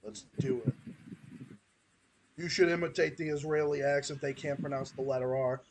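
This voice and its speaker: A man's voice: medium pitch, steady tone, moderate pace, a little mellow, slight background noise. A man from Massachusetts with a Massachusetts accent, hosting a podcast in a heated, profane ranting style. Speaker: podcast host.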